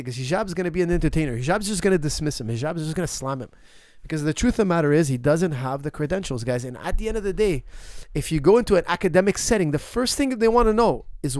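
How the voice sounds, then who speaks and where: A middle-aged man with a somewhat high voice, talking as a martial arts coach in a casual Q&A. He hammers his points home, repeats them and fires off rhetorical questions he answers himself, in a dry, close recording. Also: a little mellow, dry recording. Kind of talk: casual Q&A commentary.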